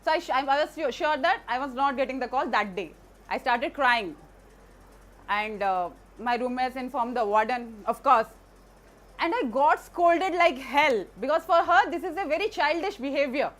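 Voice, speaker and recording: A woman's voice: sits high, normal speed, fairly bright tone. A woman, earnestly telling a personal story to an audience, with frequent restarts and fillers.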